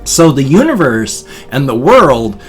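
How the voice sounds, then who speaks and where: A man's voice: mid-range voice, big pitch swings, unhurried, faint music behind. A man in his fifties, vlogging in a rambling, playful way and dropping silly sound effects into his talk. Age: 50s. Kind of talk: casual vlog monologue.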